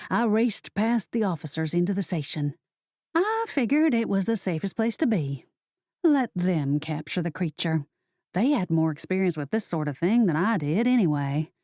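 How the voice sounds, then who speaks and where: A woman narrating a first-person audiobook in a steady, measured storytelling manner. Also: on the low side, no room sound, studio quality.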